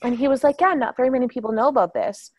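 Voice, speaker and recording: A young woman hosting a podcast, chatting casually and telling animated stories with some swearing. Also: high voice, very fast, no room sound. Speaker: podcast host. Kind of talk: casual interview chat.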